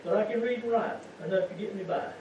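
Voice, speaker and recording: A man with a high voice talks fast through a folksy sermon, acting as a lay preacher who keeps quizzing the congregation with rhetorical questions. It takes place in a church sanctuary. The recording has slight hiss or hum and sounds distant, echoey and muffled.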